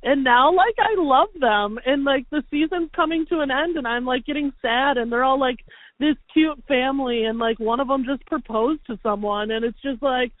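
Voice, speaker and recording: A woman's voice: sits high, moderate pace, no room sound. Chatty woman on a tinny line. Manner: chatty, animated, lots of filler "like". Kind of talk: casual chat. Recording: tinny phone-like dry sound.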